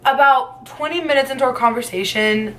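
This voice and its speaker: A woman's voice: sits high, a little fast, fairly bright tone, a little hiss or hum. A young woman vlogger telling a storytime tale in a chatty way, full of "like" fillers and casual swearing. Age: young adult. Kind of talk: storytime vlog.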